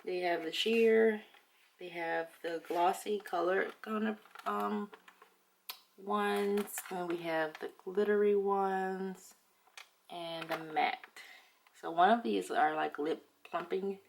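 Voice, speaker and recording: A woman's voice: mid-range voice, fairly even intonation, slow pace, creaky, a little hiss or hum. A young woman vlogger chatting casually about a beauty haul, slightly out of breath, full of "like" and "um". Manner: chatty, fillers, lots of "like".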